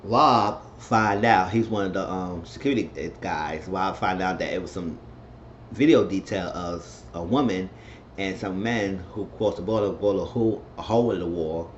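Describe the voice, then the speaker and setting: A man talks through a TV episode recap in a loose, rambling way, padding it with filler phrases. His voice sits low. The recording sounds dull and lo-fi, with a faint hiss behind him. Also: moderate pace, darkish tone. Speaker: TV recap reviewer.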